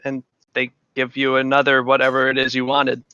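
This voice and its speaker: A man narrating a tabletop game as game master, halting with many ums and uhs. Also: medium pitch, monotone, pushed and bright, smooth, dry recording, muffled recording.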